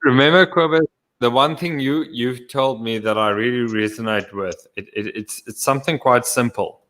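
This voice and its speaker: A man's voice: mid-range voice, normal speed, fairly bright tone. A man hosting a casual podcast chat, swearing freely and restarting words with stammers as he talks. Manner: profane, stammering restarts, laughs often. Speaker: podcast host. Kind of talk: casual chat over drinks.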